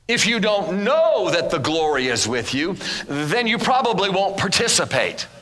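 High, bright-voiced male preacher. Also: moderate pace, in a large hall. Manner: animated, acts out dialogue. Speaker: guest minister. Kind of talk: sermon with storytelling. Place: church in front of a congregation.

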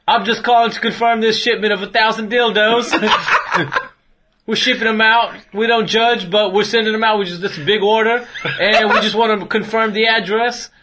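A man's voice: high-pitched, fairly even intonation, moderate pace, background noise, voice pushed up, natural voice. A man putting on an English accent to voice a smarmy, overly polite salesman on a prank call. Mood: mock polite. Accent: put-on English.

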